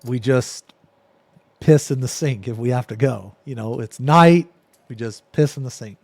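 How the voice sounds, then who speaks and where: A man's voice: mid-range voice, a little slow, a little mellow, no room sound. Profane rambling male streamer, dry sound. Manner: rambling, profane, filler-heavy. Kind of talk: casual storytelling on stream.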